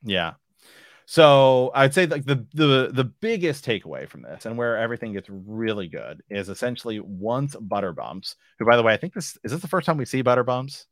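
A man's voice: medium pitch, expressive, moderate pace, dry recording, clean studio sound. A man hosting a podcast, chatting casually and reading book passages aloud, rambling with lots of filler phrases. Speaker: podcast host.

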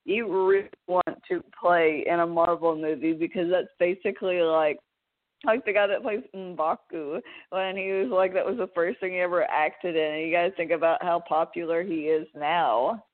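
A woman co-hosting a casual podcast, playful and quick to laugh and crack jokes. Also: on the low side, fairly even intonation, no echo. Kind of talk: casual pop-culture chat. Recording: dry phone-like sound.

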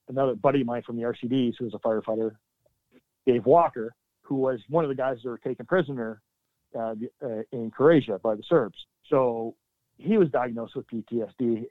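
Over a dry, tinny line that sounds like a phone, with no echo, a middle-aged veteran from Canada speaks as an interview guest. He shares candid stories earnestly and haltingly in a mid-range voice, now and then bursting into sudden emphasis.

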